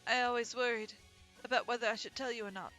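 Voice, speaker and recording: A woman voicing a calm, laid-back young male pigeon student in a dating game, speaking gently. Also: on the high side, fast talker, soft background music. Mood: gentle farewell.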